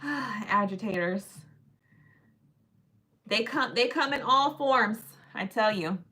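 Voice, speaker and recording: Sassy, bright-voiced woman livestreamer. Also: on the high side, slow. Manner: animated, sassy, teasing. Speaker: livestream host. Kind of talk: casual livestream chat.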